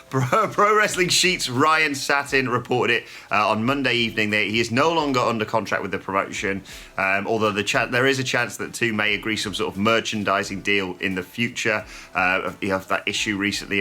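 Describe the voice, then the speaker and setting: A man's voice: fairly low pitch, bright, forceful tone. A man, hosting a casual wrestling news chat, opinionated and chatty with the odd mild swear.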